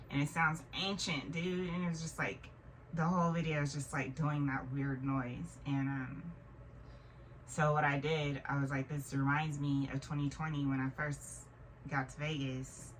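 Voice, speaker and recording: A woman in her thirties tells a strange story in a low voice, rambling and restarting her sentences with plenty of fillers. She sits a little back from the mic, and faint noise runs under her voice. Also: steady tone, measured pace, fairly bright tone, recorded from a distance, low-quality recording. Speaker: vlogger. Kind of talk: casual storytelling monologue.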